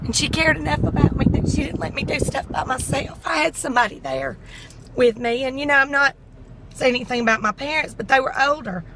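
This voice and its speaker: A woman's voice: high voice, animated, a little fast, background noise. A middle-aged woman, chatting in a folksy, heartfelt way. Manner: folksy and heartfelt, tearful at times. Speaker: vlogger. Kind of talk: casual chat.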